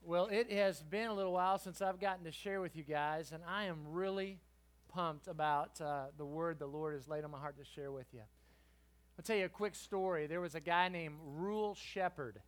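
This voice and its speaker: Brief: middle-aged man, youth preacher, higher voice, animated storytelling with loud bursts. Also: moderate pace. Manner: lively, swings from quiet to loud. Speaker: guest preacher. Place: church youth service.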